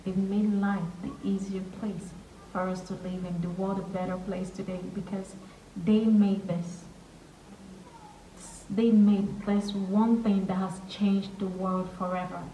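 A woman's voice: medium pitch, measured pace, recorded from a distance, a little hiss or hum. Gushing woman reacting in an echoey room. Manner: excitable, gushing exclamations; earnest, emotional musing. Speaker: reaction video host. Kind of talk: reaction video commentary. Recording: echoey room, voice a bit off-mic, faint music.

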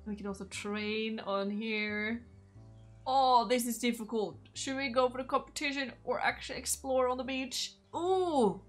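A woman's voice: a little high, measured pace, soft background music. A young woman from Norway, chatting casually through her gameplay, gushing and talking to her horse. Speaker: gaming channel host.

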